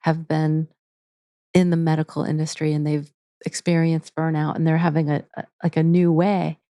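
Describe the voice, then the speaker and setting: Female interview guest, warm and earnest, dry close sound. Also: low voice, level tone, moderate pace, no echo. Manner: earnest, with frequent restarts. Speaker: guest, integrative therapy teacher. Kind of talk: casual interview talk.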